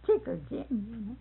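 An older woman with a slightly high, creaky, breathy voice shares family stories in a casual oral history, laughing often as she goes. The recording sounds tinny and phone-like, as if from old tape.

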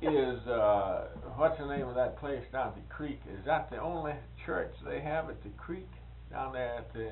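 A man's voice: medium pitch, normal speed, gravelly. An older man chatting casually, asking questions and chiming in with short agreements. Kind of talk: casual conversation. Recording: phone-like band with faint hiss.

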